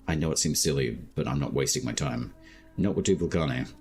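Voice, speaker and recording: An Australian man chatting casually while streaming a game, talking slowly and laid-back with many filler words. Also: rumbling low, a little mellow, soft background music. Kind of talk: casual live-stream chat.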